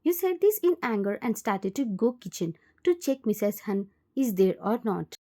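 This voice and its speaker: A woman narrating a fan fiction story in second person, in a plain, steady storytelling manner. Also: medium pitch, moderate pace.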